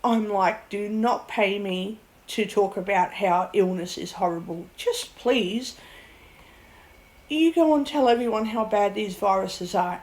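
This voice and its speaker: A woman's voice: mid-range voice, a little slow, darkish tone, low-quality recording. Woman vlogger, rambling vent, blunt, swears, laughs it off, mid-range voice. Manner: blunt, swears, laughs at her own ordeal.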